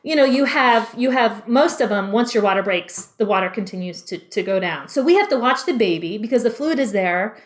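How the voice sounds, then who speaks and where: A woman in her thirties who used to be a labor and delivery nurse tells a story as a podcast guest, her voice a little high, brisk, with few pauses. A lively storyteller, she acts out her own lines from back then in quotes.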